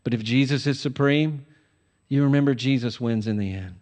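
A pastor preaching a sermon, his voice rising hard on warnings and dropping soft and low on grace. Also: normal speed, big-room sound.

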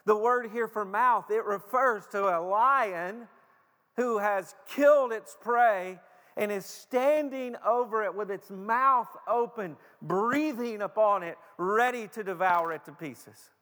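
High-voiced preacher in a reverberant hall. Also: male voice, pushed and bright. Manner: emphatic preaching with repeated stutters and slowed, stressed phrases. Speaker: pastor. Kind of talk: sermon.

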